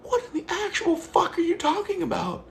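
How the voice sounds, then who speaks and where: Worked-up high-voiced man ranting on stream. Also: big pitch swings, normal speed, gravelly. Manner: agitated, profane, talks to chat. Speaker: livestreamer. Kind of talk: casual livestream rant. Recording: echoey room with faint noise.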